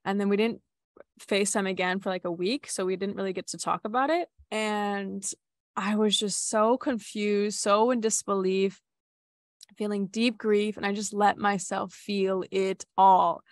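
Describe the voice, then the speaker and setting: A woman's voice: medium pitch, steady tone, unhurried, no echo. Candid young woman, dry close sound. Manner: candid, filler-heavy with frequent "like", swears casually. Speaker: retreat facilitator. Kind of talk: casual personal storytelling.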